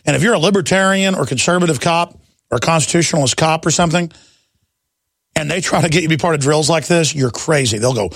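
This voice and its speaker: A man's voice: a little high, fast, a bit bright, dry recording, studio quality. A man hosting a talk radio show, delivering an emphatic, indignant monologue and calling his listeners "folks".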